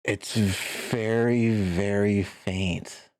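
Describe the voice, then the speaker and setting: A man narrating as game master, halting and relaxed. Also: fairly low pitch, no room sound, studio quality.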